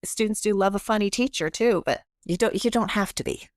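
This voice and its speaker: A middle-aged woman professor, chatty and animated, often interrupting herself as she talks in a podcast interview. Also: medium pitch, brisk, no echo, clean studio sound. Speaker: guest professor.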